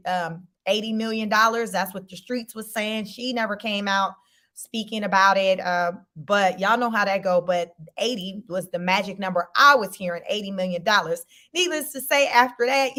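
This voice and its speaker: A woman hosting a casual live-stream, chatty and animated, laughing often, speaking. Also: mid-range voice. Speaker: host.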